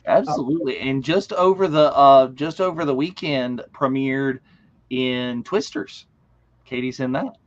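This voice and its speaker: A man co-hosting a casual live stream, talking in a relaxed, easygoing way that trails off mid-thought. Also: medium pitch, a little slow. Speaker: co-host. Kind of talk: casual chat. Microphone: video call. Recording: dull lo-fi stream audio.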